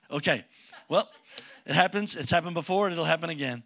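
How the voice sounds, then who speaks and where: A man's voice: on the high side, fairly quick, gravelly, sharp tone. A man preaching a sermon as pastor, casual and joking, asking his congregation questions as he speaks. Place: church sanctuary with congregation.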